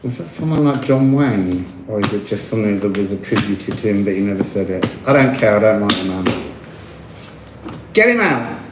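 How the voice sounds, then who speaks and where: A man's voice: fairly low pitch, very animated, a little fast, slight background noise. A man giving a tarot reading for his channel, talking in a meandering, mystical way and stopping now and then to correct himself. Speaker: tarot reader. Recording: echoey room.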